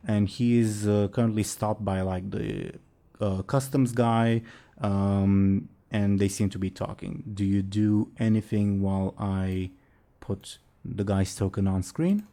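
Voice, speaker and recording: Man, game master, low voice, mellow tone, hesitant, lots of fillers. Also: takes it slowly, vocal fry. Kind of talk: narrating a tabletop game.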